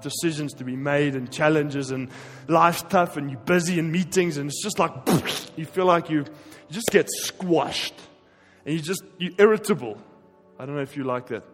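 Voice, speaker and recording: A man's voice: fairly high pitch, moderate pace, soft background music. Impassioned male preacher in a big hall. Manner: impassioned, swings between emphatic and hushed. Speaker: pastor. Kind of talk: sermon.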